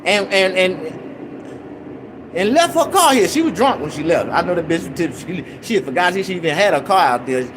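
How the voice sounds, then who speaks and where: A young man casually telling a rambling, profane story in an animated way. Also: high voice, normal speed, background noise. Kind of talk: casual anecdote.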